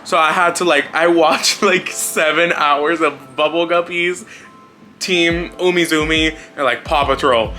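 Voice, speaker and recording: Bright-voiced young man, blunt and rambling. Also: on the high side, steady tone, a little slow, soft background music. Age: young adult, about 20. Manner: rambling, blunt and profane with frequent fillers. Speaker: vlogger. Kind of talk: casual storytelling life update.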